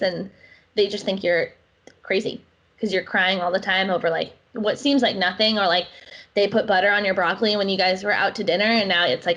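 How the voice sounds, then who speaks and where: A woman's voice: medium pitch, fairly bright tone. A woman co-hosting a casual podcast, chatty and candid, with "like" in almost every sentence. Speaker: co-host.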